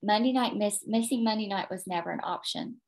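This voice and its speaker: A woman's voice: medium pitch, a little fast, creaky. Woman, team leader, motivational training, emphatic, repeats herself, video call. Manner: emphatic, repeats points, tags "okay?".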